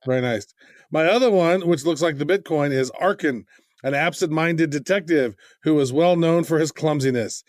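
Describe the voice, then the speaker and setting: A man with a fairly high voice chats on a podcast, reading out descriptions and tossing off quick asides. The sound is dry and close on a studio mic. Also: no echo. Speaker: podcast co-host. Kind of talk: casual chat.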